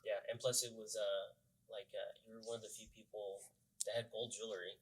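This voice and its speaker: A man's voice: lowish voice, little pitch movement, a little fast, slightly rough, low-quality recording. A man co-hosting a podcast, chatting in an easygoing way with many fillers. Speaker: podcast co-host. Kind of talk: casual podcast chat.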